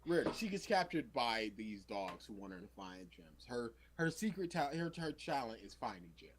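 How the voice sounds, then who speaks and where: A young man co-hosting a podcast in casual chat, animated and acting out scenes in quoted voices. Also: mid-range voice, moderate pace, slight background noise. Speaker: podcast co-host.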